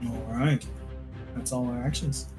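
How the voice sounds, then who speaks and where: A man's voice: medium pitch, steady tone, a little slow. A man running a tabletop game as game master, laughing often as he narrates. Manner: laughing often, voices bandits. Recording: echoey room, faint music.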